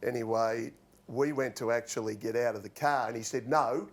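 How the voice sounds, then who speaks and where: An Australian man in his sixties tells his stories in a relaxed, anecdotal way. His voice sits in a middle register. He often laughs at his own tales. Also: mid-range voice, fairly quick. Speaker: guest, former footballer. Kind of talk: casual storytelling on a TV panel show.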